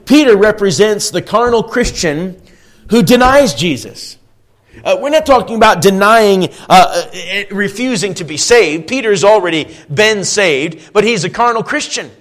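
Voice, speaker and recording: A man preaching a sermon, asking his listeners questions and dropping to a soft, low voice when he quotes scripture. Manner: swings between loud emphatic lines and soft low quoting; asks the congregation rhetorical questions.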